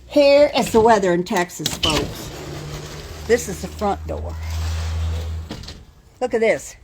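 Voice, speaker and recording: A woman's voice: medium pitch, sing-song, slow, very noisy. An older woman from New York, chatting casually and bluntly to her viewers while giving a tour of her house and yard. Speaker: vlogger. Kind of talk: casual home tour vlog.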